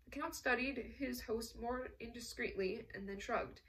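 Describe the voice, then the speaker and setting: A woman narrating a novel in a measured, even storytelling manner. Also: fairly high pitch, vocal fry, recorded from a distance, low-quality recording. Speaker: audiobook narrator. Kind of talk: scripted narration.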